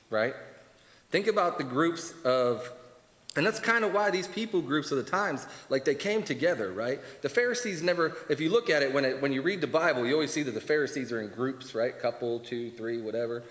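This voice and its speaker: A man leading a church Bible class in a candid, animated way, acting out quoted voices. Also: mid-range voice, a little fast. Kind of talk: conversational church teaching. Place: church hall. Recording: echoey church hall, live stream.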